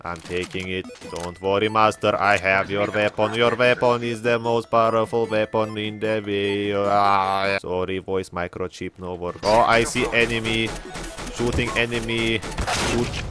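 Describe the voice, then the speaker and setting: A man's voice: lowish voice, level tone, a little slow, close to an everyday voice. A man voicing a servile male robot bot teammate with old microchips, talking in stiff broken English and doting on his master. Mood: stiff, fawning. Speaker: gaming video maker. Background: background music.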